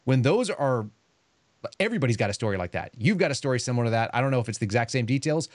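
A man's voice: mid-range voice, lively intonation, no room sound. A man hosting a podcast, telling stories in a blunt, sarcastic way. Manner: fast, blunt, sarcastic storytelling. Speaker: podcast host. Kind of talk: casual podcast talk.

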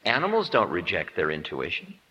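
A man's voice: sits low, wildly swooping pitch, brisk, sharp tone, dull audio. Playful male spiritual teacher in an echoing hall. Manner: playful, self-mocking humor; acts out quoted voices. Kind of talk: spiritual lecture.

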